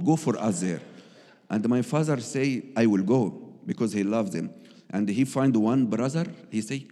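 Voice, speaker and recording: A man's voice: lowish voice, big-room sound. A man who is not a native English speaker, telling a personal story as a guest missionary in broken English and acting out the people he quotes. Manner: broken English, acts out quoted voices loudly.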